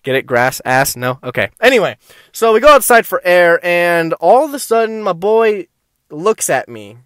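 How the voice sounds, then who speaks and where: Young man, profane, high-voiced storyteller. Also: normal speed, clear, resonant tone, no room sound, clean studio sound. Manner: profane, rambling, animated. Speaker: vlogger. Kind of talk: casual storytelling to camera.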